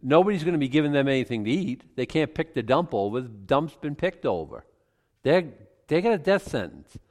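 Animated preacher man in a reverberant hall. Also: mid-range voice, brisk. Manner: animated, chuckles often, frequent restarts. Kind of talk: sermon with Bible reading. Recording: long reverb from a large hall.

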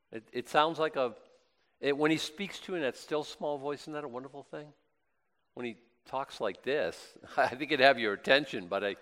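A man's voice: mid-range voice, a bit bright. A man preaching a sermon in a chatty, self-deprecating way, with joking asides between scripture readings. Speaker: pastor.

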